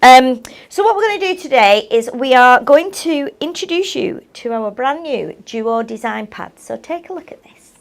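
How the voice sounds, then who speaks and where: A high-pitched woman hosts a live craft show. Her talk is chatty and friendly, full of little tag questions and ums as she shows off products. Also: expressive, normal speed. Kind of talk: live product demo chat.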